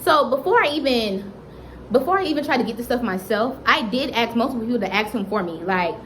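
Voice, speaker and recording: A young woman tells a dramatic personal story to her viewers in a casual, animated way. Her voice sits fairly high, and she keeps talking straight to the audience as she builds the tale. A faint hiss runs under the recording. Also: brisk, rough recording. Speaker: vlogger. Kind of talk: storytime vlog.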